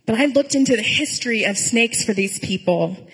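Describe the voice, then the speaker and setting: A pastor giving a sermon in a conversational storytelling way, with dry humor. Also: female voice, a little high, expressive, normal speed, a bit bright, breathy edge, in a large hall, rough recording.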